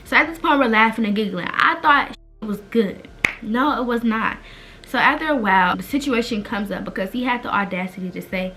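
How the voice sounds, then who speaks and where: Young woman vlogger, crisp bright tone, animated slangy storyteller. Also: medium pitch, fast talker, slight background noise. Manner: emphatic, animated, slangy retelling. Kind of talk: storytime vlog.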